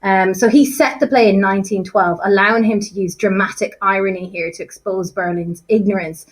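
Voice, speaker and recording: A woman's voice: mid-range voice, fairly even intonation, fairly quick, low-quality recording. A woman teacher talking through a set text for a revision lesson, chatty and self-deprecating, with frequent fillers and restarts. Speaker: English teacher. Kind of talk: casual revision lesson chat.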